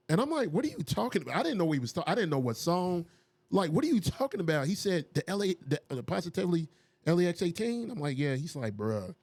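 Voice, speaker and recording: A man, a music producer and DJ, telling stories casually in an interview, acting out what people said. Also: dry recording. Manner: animated, acts out quotes with raised pitch.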